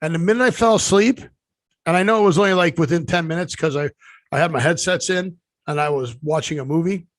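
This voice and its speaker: A man's voice: fairly high pitch, fast talker, no room sound. A man co-hosting a casual podcast, telling a rambling story full of fillers and restarts. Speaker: podcast co-host. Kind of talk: casual chat.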